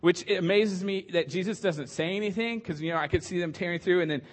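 Chatty pastor with a higher voice. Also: male voice, fast. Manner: conversational, joking, many fillers. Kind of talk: casual sermon.

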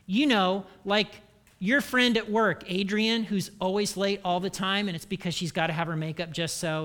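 A man delivers a sermon, joking and acting out the voices of the people in his examples. His voice sits high for a man and has a bright, forceful edge. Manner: animated, jokey, acts out quoted voices. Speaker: pastor.

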